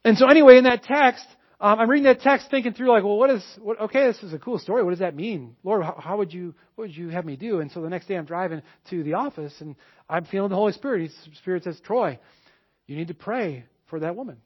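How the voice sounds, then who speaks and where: A man preaching a sermon, telling a personal story with animated back-and-forth dialogue before turning to teaching. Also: sits high, fast talker, dull audio. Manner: animated storytelling, acts out both sides of dialogues. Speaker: pastor.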